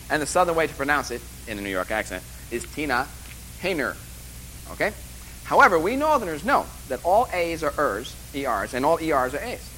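A man's voice: a little high, pushed and bright, a little hiss or hum, rough recording. A man lecturing a class at a course orientation, rambling and joking with emphatic asides. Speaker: college instructor.

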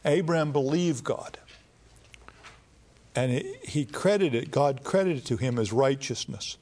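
A man preaches a sermon at a middling pitch, retelling scripture as a relaxed, conversational story. He talks plainly with the odd filler and restart, as though chatting with a congregation. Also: measured pace.

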